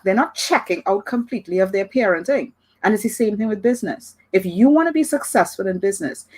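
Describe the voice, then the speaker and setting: A woman's voice: mid-range voice, breathy edge, low-quality recording. Chatty woman giving a motivational talk. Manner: chatty, keeps checking in with "all right?" and "right?". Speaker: digital marketing consultant.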